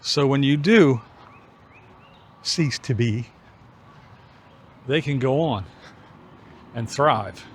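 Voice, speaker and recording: A middle-aged man vlogging on an evening walk outdoors, musing in an unhurried way with pauses between phrases. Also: mid-range voice, slightly rough. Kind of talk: reflective walking vlog chat.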